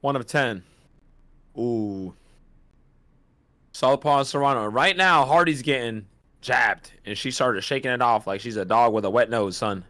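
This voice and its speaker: A man calling a boxing match on a casual watch-party stream, excitable and slangy, laughing often. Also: mid-range voice, unhurried, pauses often, no room sound. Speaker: host doing fight commentary.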